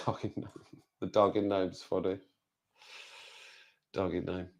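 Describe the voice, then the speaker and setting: A man's voice: sits low, little pitch movement, slow pace, creaky. A man from the West Midlands with a Black Country accent, chatting casually on a live stream and rambling as he answers viewer comments. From West Midlands, England. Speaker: livestreamer.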